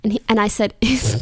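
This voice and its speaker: A young woman on a livestream talks in a slightly high, very lively voice. She chats casually and unhurriedly, giggling and playfully sounding out words. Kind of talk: casual stream chat.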